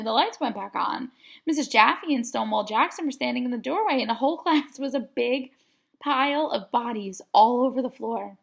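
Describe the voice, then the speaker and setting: A woman teacher reads a children's chapter book aloud with lively, expressive narration. Her voice is high and carries a gravelly vocal fry, and she leans into every twist of the story. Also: moderate pace.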